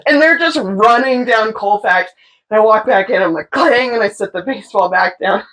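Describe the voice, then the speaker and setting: A woman's voice: medium pitch, moderate pace, poor audio. Young woman, tattoo artist, casual storytelling, swears a lot, mimics people. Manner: animated, swearing, mimics voices in her stories.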